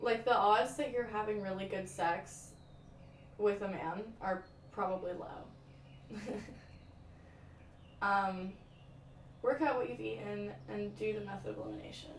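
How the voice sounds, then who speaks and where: A woman's voice: medium pitch, a little slow, long pauses. Chatty young woman streaming from afar. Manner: chatty, dramatic, swears freely, many "like" and "um" fillers. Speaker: livestreamer. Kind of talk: casual chat, answering viewer comments. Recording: roomy echo, distant from the mic, faint ambient noise.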